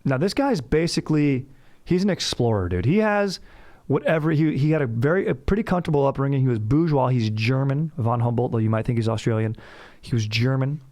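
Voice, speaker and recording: A man's voice: medium pitch, animated, a little fast, a little mellow. A young man hosting a casual storytelling podcast, hyped and slangy, swearing casually and saying dude constantly. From Orange County, California. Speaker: podcast host.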